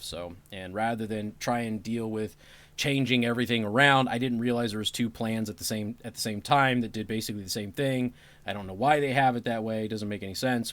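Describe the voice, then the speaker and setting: A man's voice: fairly low pitch, fairly bright tone. A man hosting a talk show, chatting casually with listeners and turning sarcastic on political topics. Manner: sarcastic, apologetic asides, breaks into laughter. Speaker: radio talk show host. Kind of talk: casual livestream commentary.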